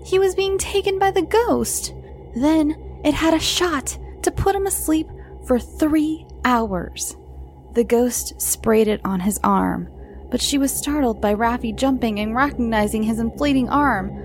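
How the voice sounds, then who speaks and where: A woman reads children's spooky stories aloud at an unhurried pace. Her fairly high voice rises and falls with the tale as she narrates. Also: faint music behind. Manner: slow, expressive storytelling.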